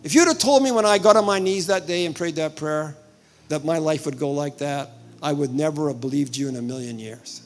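An older man preaching a sermon, telling personal stories with animated retelling of dialogue and sudden loud bursts. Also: fairly high pitch, fairly quick. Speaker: visiting preacher.

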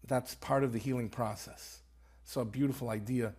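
A man's voice: medium pitch, fairly even intonation, normal speed, a little mellow, breathy edge. A man, an author and rabbi, telling a story earnestly in conversation and peppering it with Hebrew terms. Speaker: author guest.

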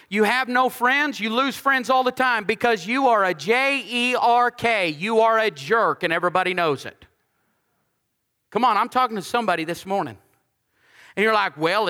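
Bright, high-voiced male preacher in a big hall. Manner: lively, conversational preaching with humor and asides; repeats key lines for emphasis. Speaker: pastor. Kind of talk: sermon.

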